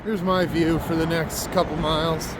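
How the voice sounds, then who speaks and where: A man's voice: fairly high pitch, little pitch movement, moderate pace. A man vlogging on foot outdoors, talking in a laid-back, rambling, self-deprecating way into a handheld phone. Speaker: walking vlogger. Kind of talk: casual vlog monologue. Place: outdoors by a freeway and streets. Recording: outdoor traffic noise behind.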